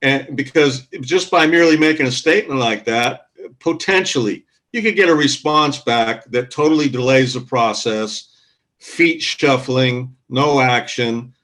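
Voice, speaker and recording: Male guest, mid-pitched, measured and reflective, lots of fillers. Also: fairly bright tone. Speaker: guest commentator. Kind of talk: casual discussion.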